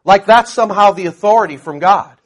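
Man, Bible teacher, husky voice, higher pitch, lively swooping delivery, sarcastic asides. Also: a little fast. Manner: animated and sarcastic, with mocking asides and chuckles. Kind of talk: conversational Bible teaching to a live group.

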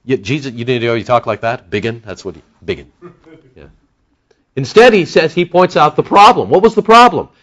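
Animated preaching man, muffled recording. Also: brisk. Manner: animated preaching, rising loud on key words, dropping low and soft. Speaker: pastor. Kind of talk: sermon. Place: church sanctuary.

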